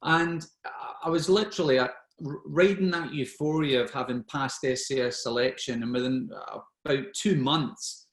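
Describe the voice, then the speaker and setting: A man in his forties, a former soldier telling lively anecdotes and acting out the dialogue. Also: medium pitch, reverberant. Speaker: guest speaker, former special forces soldier. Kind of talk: anecdotal storytelling at an online networking event.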